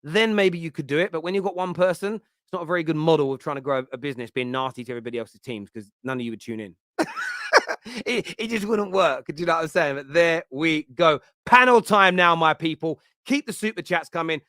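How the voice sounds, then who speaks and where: A chatty man in his thirties hosts a casual football talk show, rambling and joking with plenty of ums. His voice sits a little high for a man. The sound is dry and close, with no room echo. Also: quick pace, few pauses, a bit bright, clean tone. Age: 30s. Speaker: host.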